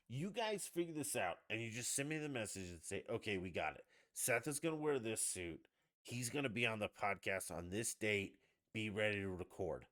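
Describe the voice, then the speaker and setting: Deep-voiced ranting podcast man. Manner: profane, ranting, animated outbursts. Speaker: podcast host. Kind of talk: casual livestream rant.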